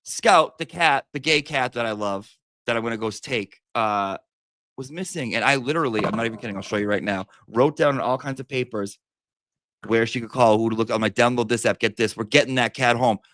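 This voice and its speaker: A man hosting a casual livestream chat, talking in a chatty, profane way with big swings in pitch. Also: a little fast, fairly bright tone, no echo, studio quality. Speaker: livestream host.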